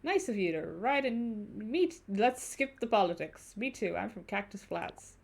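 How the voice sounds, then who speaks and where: A woman's voice: medium pitch, animated, a little slow, creaky. A woman voicing a patient young female cab driver in a game, speaking plainly in her own voice.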